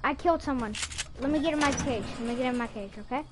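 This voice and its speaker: A woman giving excitable gameplay commentary, shouting and laughing at what happens on screen. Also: high voice, quick pace, background noise. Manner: excitable, yelling and laughing at the game.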